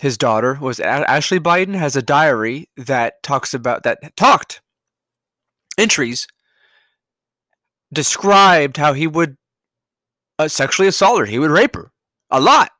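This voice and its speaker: A man's voice: on the high side, animated, unhurried, long pauses, pushed and bright, dry recording. A man hosting a podcast, ranting profanely in a rambling solo monologue that keeps digressing. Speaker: podcast host. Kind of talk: solo political rant monologue.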